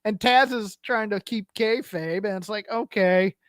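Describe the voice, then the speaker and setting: A man with a high voice co-hosting a wrestling recap podcast, giving wry, opinionated takes. He is quick to correct his co-host. The sound is dry and close, with no room around it. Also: clean tone, no room sound. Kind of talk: casual wrestling recap chat.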